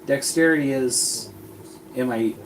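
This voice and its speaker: A man's voice: mid-range voice, unhurried, crowd noise. A man running a tabletop game as game master, patiently explaining the rules with restarts. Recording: distant mic in a noisy room.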